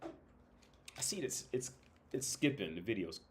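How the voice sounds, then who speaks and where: A man's voice: lowish voice, sing-song, takes it slowly, a little hiss or hum. A man hosting a livestream in a casual, rambling, profane style, full of fillers, who breaks into imitations of British and Irish accents. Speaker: livestream host.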